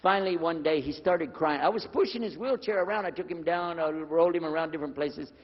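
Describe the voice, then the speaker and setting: An older man telling a personal story to an audience, lively and acting out the dialogue in a husky voice. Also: fairly high pitch, fast talker. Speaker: speaker telling his conversion story. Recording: dull lo-fi recording with long hall reverb.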